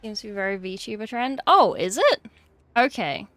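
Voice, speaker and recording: An English woman chats casually on her livestream, swearing freely and slipping into exasperated asides. Her voice sits at an ordinary middle pitch for a woman. Faint music plays quietly behind her. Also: sing-song, normal speed, dry recording. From England. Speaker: streamer.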